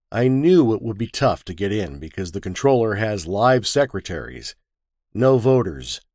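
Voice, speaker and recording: A man narrating a first-person story with a wisecracking, lively storytelling manner. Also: mid-range voice, dry recording, clean studio sound.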